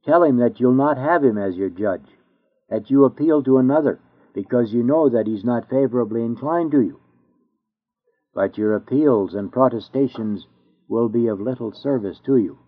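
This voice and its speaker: A man reading a sermon aloud in a solemn, declamatory manner. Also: fairly low pitch. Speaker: preacher. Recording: tinny phone-like audio.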